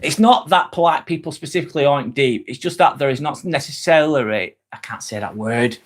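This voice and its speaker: Hosting a casual live stream, a man with a mid-range voice talks fairly quickly, reading out viewers' comments and replying to each by name. He is chatty and swears frequently.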